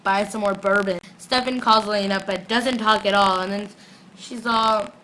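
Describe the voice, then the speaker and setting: A young woman talks through an episode in a loose, chatty way, laughing often and jumping into little quoted voices. Her tone is bright and sharp, recorded on a phone with a faint hiss underneath. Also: mid-range voice, low-quality recording. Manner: giggly, animated, mimics characters in quick quoted voices. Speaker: fan vlogger recapping a TV episode. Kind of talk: casual chatty recap.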